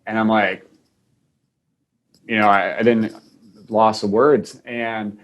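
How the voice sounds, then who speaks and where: Slow and flat in delivery, his fairly low voice still carries a fairly bright tone. He's a chiropractor from Wisconsin, USA, guesting on a podcast and earnestly sharing a heartfelt personal story while often starting his sentences over.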